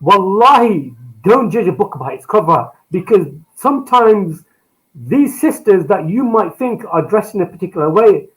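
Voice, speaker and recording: A man's voice: high-pitched, lively intonation, moderate pace, poor audio. A young man sharing his experiences in an earnest, informal way. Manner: earnest, informal, uses filler like. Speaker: guest. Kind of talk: casual podcast chat.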